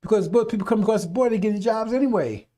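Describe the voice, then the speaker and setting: Fiery, preachy man with high, dark voice. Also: fast talker. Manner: fiery, preachy, swears, mimics voices in asides. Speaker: radio talk host. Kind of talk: rambling radio monologue.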